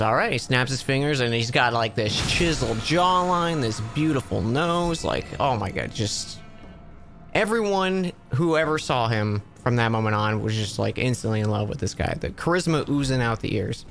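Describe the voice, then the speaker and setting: Streaming live, a man with a medium-pitched, slightly bright voice casually tells a long joke. He rambles and keeps interrupting himself with restarts.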